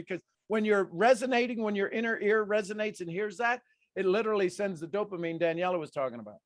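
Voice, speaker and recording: A man coaching a group on a video call, energetic and repeating his commands over and over. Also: high-pitched, quick pace, dry recording, clean studio sound. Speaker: life coach.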